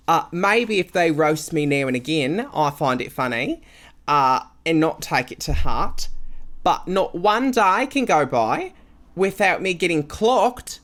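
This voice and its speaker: A man reading a listener's letter in a put-on Australian accent that slides toward British, voicing a fed-up young advice-seeker in a drawn-out, exaggerated way. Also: high-pitched, fairly bright tone, voice pushed up, full character voice. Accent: mock Australian drifting British.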